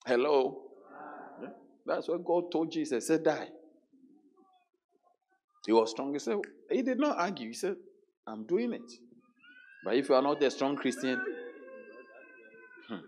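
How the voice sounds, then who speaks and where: A man preaching a sermon, emphatic, repeating words and dropping into hushed quotes. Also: on the high side, expressive, normal speed, long pauses, slight background noise.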